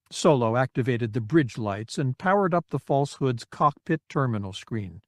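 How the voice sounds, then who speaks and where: A man narrating an audiobook in measured, expressive storytelling. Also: a little high, no room sound, studio quality. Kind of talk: scripted narration.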